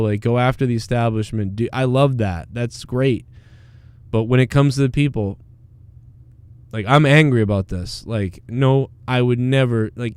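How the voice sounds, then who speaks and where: Podcast host, male, smooth voice, ranting and profane, dry close mic. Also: medium pitch, darkish tone, no room sound. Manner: heated, rambling, swears often. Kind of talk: casual profane chat.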